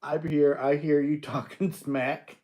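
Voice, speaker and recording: A man's voice: fairly high pitch, level tone, slow, dark tone. An older man hosting a casual live stream, answering viewers and teasing them playfully, often laughing. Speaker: livestream host.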